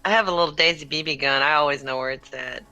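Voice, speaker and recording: A woman chatting on a casual video call, friendly and quick to laugh, often restarting her sentences. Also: sits low, creaky, pushed and bright, faint music behind. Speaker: co-host guest.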